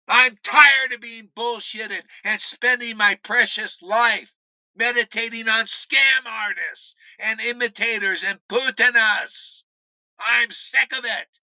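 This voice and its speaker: A man with a high, piercing voice delivers a slow, unhurried rant about devotion, blunt and full of profanity. He swings from loud outbursts to low muttered asides, and the sound is close and dry. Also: no room sound, low-quality recording. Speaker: spiritual teacher. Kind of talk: informal preaching rant.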